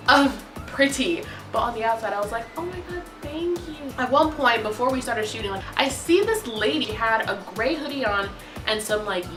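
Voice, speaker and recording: Excitable young woman vlogger, echoey room. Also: on the high side. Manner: excitable, gushing fangirl storytelling, bursts into squeals. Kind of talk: casual storytime vlog. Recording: echoey room, mic at a distance, music behind.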